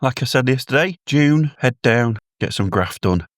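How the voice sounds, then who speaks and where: A man's voice: medium pitch, lively intonation, moderate pace, no room sound, studio quality. A British man keeping a casual, rambling video diary, chatting to his phone camera with a self-deprecating manner. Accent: British English. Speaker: vlogger.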